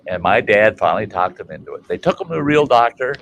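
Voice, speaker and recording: Lively low-voiced man spinning a yarn. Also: quick pace, creaky, a little hiss or hum, low-quality recording. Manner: animated, colorful storyteller who swears casually. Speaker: livestream host. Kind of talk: casual storytelling chat.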